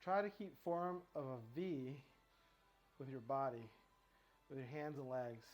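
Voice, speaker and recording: A man's voice: mid-range voice, a little slow, darkish tone, soft background music. A man vlogging his home workout, counting reps aloud and talking casually while out of breath. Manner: counts reps aloud, rambling and self-correcting. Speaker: fitness vlogger. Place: home floor workout with his dog nearby.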